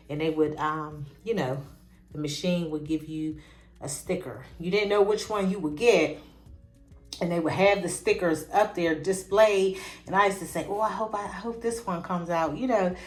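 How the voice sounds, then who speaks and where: A woman from in her forties, chatting casually and excitedly as she shows off old keepsakes to her viewers. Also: sits low. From Pittsburgh, USA. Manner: chatty, tickled, easily excited. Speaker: vlogger. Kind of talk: casual nostalgic show-and-tell. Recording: echoey room with soft background music.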